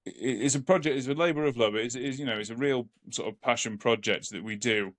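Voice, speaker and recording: A man's voice: medium pitch, a little fast. A man co-hosting a casual podcast, rambling and repeating words as he thinks aloud. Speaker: podcast co-host.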